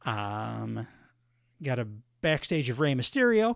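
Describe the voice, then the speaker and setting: A man's voice: medium pitch, expressive, a little slow, no room sound, studio quality. A man hosting a podcast, giving a casual, rambling recap of a wrestling show with plenty of fillers. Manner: rambling, filler-heavy commentary. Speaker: podcast host.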